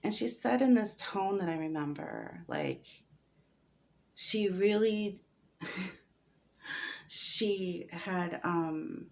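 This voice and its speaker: Low, gravelly-voiced woman vlogger. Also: sing-song, drawn-out words, long pauses. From United States. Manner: hesitant and candid, many fillers, laughs while talking. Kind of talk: personal story vlog.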